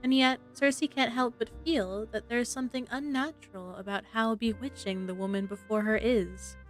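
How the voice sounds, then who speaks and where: Casting: woman streamer, slightly high voice, reads game text to chat with lively asides, faint music bed. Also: moderate pace, hardly any pauses. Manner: animated, chatty asides to viewers. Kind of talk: reading a visual novel aloud to chat.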